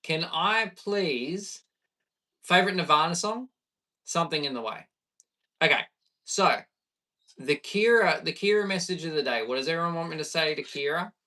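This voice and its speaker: An Australian man in his thirties, a bass player chatting easygoing with viewers on a live stream. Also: moderate pace, pauses often, pushed and bright, far from the mic. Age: 30s. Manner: chatty and easygoing, reading viewer questions aloud.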